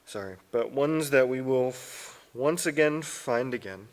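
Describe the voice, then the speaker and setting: A man speaking at a memorial, reading a short tribute haltingly, with sighs and restarts. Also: medium pitch, animated.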